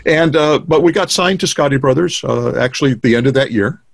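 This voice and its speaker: A man's voice: medium pitch, a little fast, gravelly, dry recording. A man in his sixties, a guest drummer, telling stories in a casual interview with many fillers and restarts over a video call. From United States. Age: 60s.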